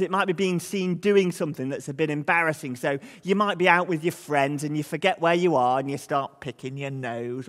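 A man's voice: a little high, a bit bright. A man preaching an all-age sermon, telling little stories and acting out the voices of scolding parents and teasing children. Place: church. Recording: long echo from a large church hall.

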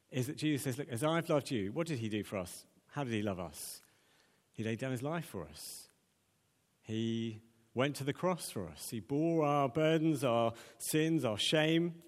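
Preacher in a reverberant church. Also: male voice, medium pitch. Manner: conversational, animated, frequent ums and repeated words. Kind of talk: sermon. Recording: long church hall reverb.

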